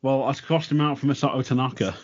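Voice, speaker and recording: A young man co-hosting a podcast, talking in a relaxed, joking way. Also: mid-range voice, fast, highs cut off. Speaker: podcast co-host. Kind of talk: casual chat.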